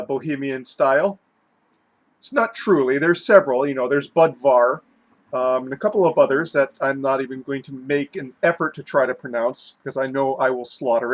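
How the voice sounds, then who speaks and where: A man casually rambling through a beer review at home, chatty and self-mocking, with lots of fillers and restarts. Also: on the high side.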